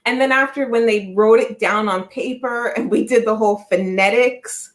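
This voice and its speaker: A woman in her thirties with a Canadian accent, hosting a livestream and telling stories in a rambling, animated way with many restarts. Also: on the high side, moderate pace. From Jamaica, raised in Canada. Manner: rambling, animated storytelling with frequent restarts and laughs. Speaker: psychic livestream host. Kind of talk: casual livestream chat.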